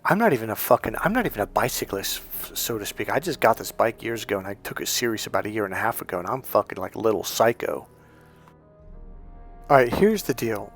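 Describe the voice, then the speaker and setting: A man's voice: fairly low pitch, lively intonation, fast, fairly bright tone, faint music behind. Blunt, profane man in his fifties. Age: 50s. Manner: profane, blunt, emphatic storytelling. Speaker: dating coach. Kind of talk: motivational monologue.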